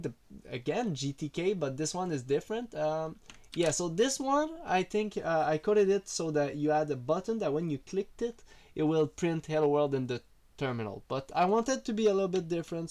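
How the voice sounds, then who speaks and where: A man's voice: a little high, a little mellow. A man giving a casual, rambling programming walkthrough, full of fillers and self-deprecating asides. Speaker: programming tutorial creator. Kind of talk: casual screen-recorded coding walkthrough.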